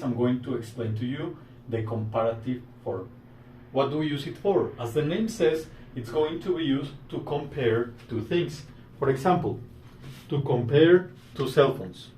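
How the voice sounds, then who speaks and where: A man's voice: mid-range voice, darkish tone. Man teaching grammar in an echoey room. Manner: deliberate, explains step by step with repeated examples. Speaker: English teacher. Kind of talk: recorded grammar lesson. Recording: echoey room, mic at a distance, faint noise.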